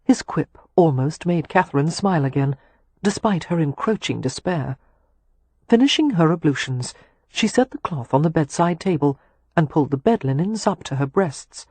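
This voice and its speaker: Male audiobook narrator, husky voice, dry close sound, slow sensual reading. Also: on the high side, animated, darkish tone, no room sound. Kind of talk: scripted romance narration.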